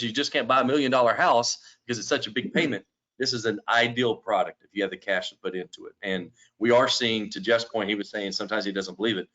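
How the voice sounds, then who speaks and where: A man presenting in a business webinar, explaining things in a steady, explanatory way. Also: mid-range voice. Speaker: lending company presenter. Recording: dull lo-fi webinar audio.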